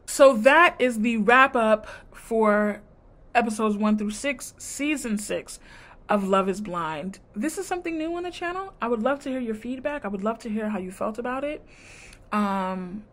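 A woman vlogger recapping a reality show in casual chat, with blunt, sassy commentary and slang. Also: mid-range voice. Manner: retells scenes by quoting people.

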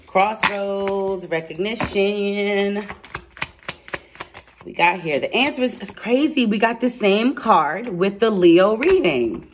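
A woman giving a casual tarot reading to camera, excitable and chatty, blunt and slangy, speaking straight to her viewers. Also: medium pitch, takes it slowly, slight background noise. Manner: excitable and chatty, laughs and exclaims. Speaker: tarot card reader.

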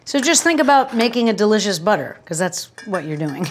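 A woman's voice: mid-range voice, very animated, brisk, a little hiss or hum. A woman hosting a casual home cooking demonstration, chatty and wry, with joking asides and anecdotes while she works. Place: home kitchen.

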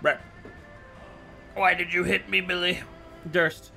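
A man acting as dungeon master in a tabletop game, giving casual, quick rulings and laughing with his players. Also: high-pitched, flat delivery, creaky, pushed and bright, soft background music. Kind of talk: running a tabletop game online.

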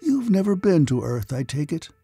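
Brief: composed male alien doctor, grave and patient, rough-textured; a man reads him. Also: on the high side, moderate pace, faint music behind, pitched above the performer's own voice, exaggerated voice. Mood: sober. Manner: calm, sober, thoughtful. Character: calm, sober male alien psychotherapist.

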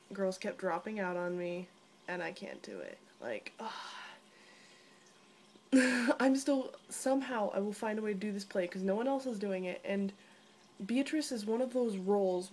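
A woman's voice: medium pitch, a little mellow, a little hiss or hum. A young woman chatting casually to friends in a vlog recorded on her phone, bubbly and rambling, often giggling between thoughts. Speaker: vlogger. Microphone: phone camera at arm's length.

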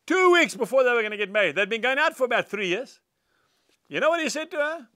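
A man's voice: high voice, big pitch swings, fast, sharp tone, no room sound, clean studio sound. An older man, telling stories and preaching in an earnest, emphatic devotional talk.

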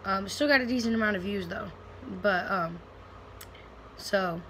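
A woman's voice: mid-range voice, unhurried, fairly bright tone, a little hiss or hum, rough recording. A young woman, rambling casually to camera in a home vlog, full of fillers and restarts. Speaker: vlogger. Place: at home, indoors.

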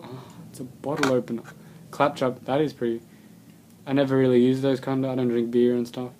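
A man's voice: medium pitch, mellow, a little hiss or hum. A young man, unboxing a subscription box, rambling and swearing casually as he mutters to himself.

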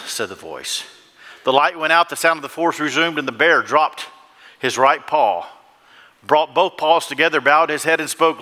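A man's voice: a little high, animated, moderate pace, sharp tone. A male pastor preaching a fervent sermon in a church and often asking the congregation questions. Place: church sanctuary. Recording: echoey church hall.

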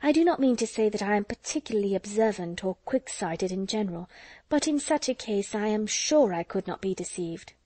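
A woman's voice: mid-range voice, animated, brisk, mellow, dry recording, lightly acted. A woman voicing a jealous, scheming young woman in an audiobook, confiding and earnest.

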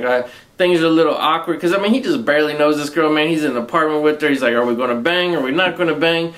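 A man's voice: on the high side, fairly bright tone. A man with a Southern US accent reviewing a movie in a rambling, casual way, swearing constantly and using slang.

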